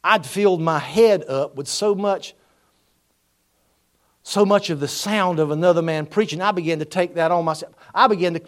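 A middle-aged man, preaching a sermon in a storytelling way that builds from quiet asides to loud, ringing appeals. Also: high-pitched, normal speed. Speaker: pastor.

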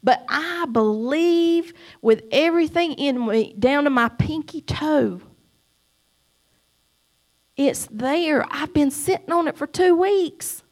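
A middle-aged woman shares a church testimony in an emphatic, preachy way, moving between loud cries and soft asides. Her voice is high-pitched with lively intonation, and she speaks slowly.

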